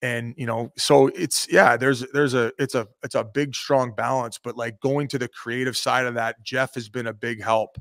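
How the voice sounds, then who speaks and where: A man's voice: medium pitch, steady tone, moderate pace, few pauses, fairly bright tone, no echo, clean studio sound. A man in his thirties, a former athlete, telling a rambling, profane story on a podcast, laughing as he goes. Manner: rambling, swears a lot, laughs while telling stories. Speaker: podcast guest, former hockey player.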